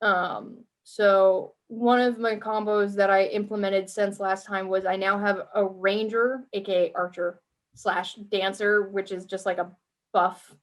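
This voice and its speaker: A woman's voice: medium pitch, level tone, measured pace. Chatty woman gamer, casual and profane. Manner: chatty, swears freely, acts out her reactions. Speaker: podcast co-host. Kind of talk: casual gaming chat.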